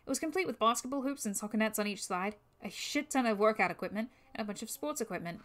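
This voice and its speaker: A woman's voice: mid-range voice, lively intonation, quick pace, a bit bright. A woman reading a fan-made game story aloud on a livestream, casual in manner. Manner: casual, with swearing asides. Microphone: new microphone.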